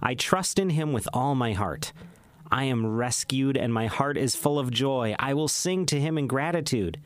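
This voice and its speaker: A man reading the Bible aloud in a measured, solemn way, slowing down on emphatic phrases. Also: mid-range voice, expressive, dry recording. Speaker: scripture reader.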